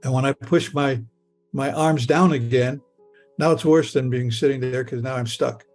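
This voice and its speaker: An older man telling his own story in a halting, stammering way, with frequent restarts. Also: medium pitch, steady tone, darkish tone, faint music behind. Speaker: storyteller recounting a near-death experience. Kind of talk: personal storytelling.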